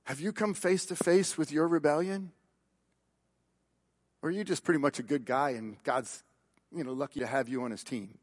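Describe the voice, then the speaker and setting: A man's voice: on the high side, moderate pace, long pauses. A man preaching a sermon, emphatic and questioning, retelling a gospel story. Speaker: pastor.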